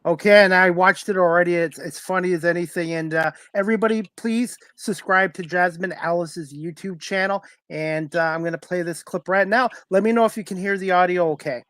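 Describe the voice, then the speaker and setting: A man's voice: high voice, a little fast, hardly any pauses, a bit bright, clean tone, no room sound, clean studio sound. A man hosting a talk show interview, speaking earnestly and informally. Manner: earnest, with fillers and restarts. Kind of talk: casual interview.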